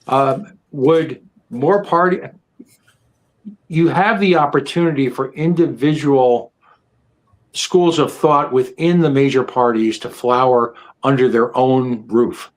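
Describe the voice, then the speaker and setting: A man guest on an online panel, answering emphatically and pausing with fillers. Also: medium pitch, poor audio. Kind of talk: casual political discussion.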